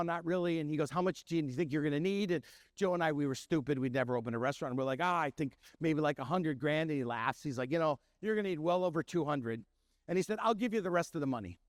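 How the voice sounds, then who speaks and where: Storytelling to an audience, the Milwaukee chef and restaurant owner, a middle-aged man, brings his tales to life by mimicking the people in them. His voice is high, and the recording is dry with clean studio sound.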